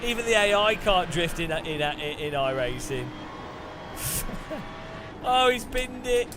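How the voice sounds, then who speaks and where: A man hosting a sim racing video, giving excitable, incredulous gameplay commentary with bursts of laughter. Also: on the high side, slow, noisy background. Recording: background music under voice.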